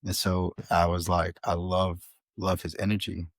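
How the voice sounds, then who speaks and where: A man, a podcast guest, telling an animated story in a casual interview, with frequent restarts. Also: low voice, moderate pace, dry recording. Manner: animated, many restarts and fillers. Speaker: podcast guest, author and filmmaker.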